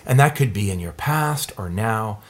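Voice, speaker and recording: A man's voice: on the low side, animated, normal speed. A man co-hosting a podcast, thoughtfully discussing a film in a casual chat and chiming in to finish his partner's lines. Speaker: podcast co-host.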